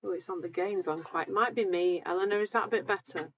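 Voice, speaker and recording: A calm, gentle woman hosting a live session, talking reassuringly to viewers while sounding a bit tired. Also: fairly low pitch, quick pace, muffled recording, a little hiss or hum. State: tired, low energy. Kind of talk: live-stream talk answering viewer comments.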